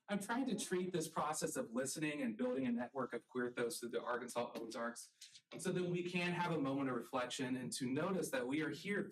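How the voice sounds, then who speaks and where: A man from the rural South speaks earnestly as he presents his research, pausing often with ums. His voice sits at an ordinary middle pitch, and the mic picks him up from some distance across a lecture room. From rural American South. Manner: earnest, halting, with frequent ums. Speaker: college art professor presenting research.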